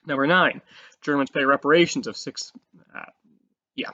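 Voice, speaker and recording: A man teaching a history lesson in a casual, animated way, often saying "um" and acting out quotes. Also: on the high side, normal speed. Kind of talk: explaining a history lecture. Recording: slightly dull lo-fi audio.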